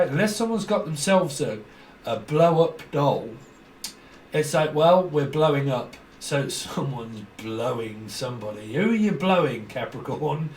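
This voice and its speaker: A man's voice: mid-range voice, a little hiss or hum. A man giving a rambling, jokey tarot reading and laughing often. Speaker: tarot reader. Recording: roomy echo from a distant mic.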